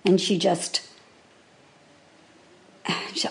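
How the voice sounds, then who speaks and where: A woman being interviewed, recalling events from years ago in halting, earnest speech that often restarts mid-sentence. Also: medium pitch, vocal fry, darkish tone. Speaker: interviewee, former neighbour and friend. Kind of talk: recounting memories in an interview.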